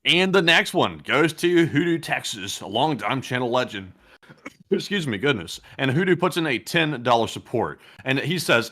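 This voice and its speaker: A man's voice: medium pitch, big pitch swings, normal speed, sharp tone. A man co-hosting a casual livestream, easygoing as he reads out donations. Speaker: co-host.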